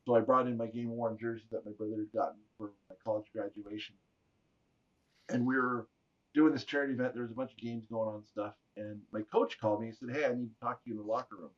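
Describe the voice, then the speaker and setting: A middle-aged man, a podcast guest, telling animated stories in a jokey way and acting out the voices of people he quotes. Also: mid-range voice, fast talker. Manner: jokey, acts out quoted voices, laughs often. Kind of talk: animated storytelling. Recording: slightly dull lo-fi audio.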